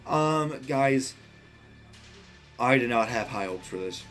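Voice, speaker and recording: A man casually ranking horror films, speaking bluntly, swearing often and getting excited about what he likes. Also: medium pitch, slow pace, soft background music. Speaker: movie reviewer. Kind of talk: casual film ranking monologue.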